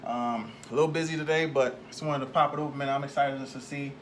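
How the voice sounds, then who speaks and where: A man, excitedly chatting through an unboxing video while slightly out of breath. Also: mid-range voice, fast, slight background noise. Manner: excitable, chatty, says "man" and "y'all" a lot. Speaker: RC car channel host. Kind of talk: casual unboxing vlog.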